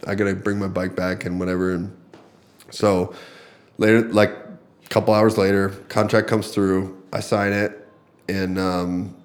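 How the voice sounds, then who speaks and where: A man's voice: low-pitched, flat delivery, unhurried. A man telling a personal story in casual conversation, acting out what others said, with fillers and laughs. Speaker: podcast guest, fighter.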